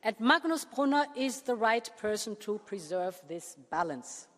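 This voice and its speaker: Woman, formal parliamentary speech, measured delivery, deliberate pauses for emphasis, podium mic, long hall reverb. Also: mid-range voice, expressive, noisy background. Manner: measured, stresses key words with deliberate pauses. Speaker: political leader addressing a parliament. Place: large parliament chamber. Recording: long reverb of a large chamber.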